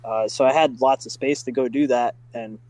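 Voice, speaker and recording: A middle-aged man telling stories in a casual podcast chat, full of fillers and excitement. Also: mid-range voice, moderate pace, dry recording, poor audio. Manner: enthusiastic, many fillers like "like" and "uh". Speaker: podcast guest, driving school staff. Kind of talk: casual storytelling.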